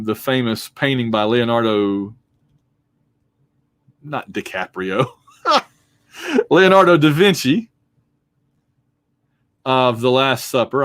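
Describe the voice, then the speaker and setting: Male history instructor, casual lecturing style with jokes, mid-pitched voice, dry recording. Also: no echo. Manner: chatty, with asides and jokes. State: yawning and hiccuping. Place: home basement.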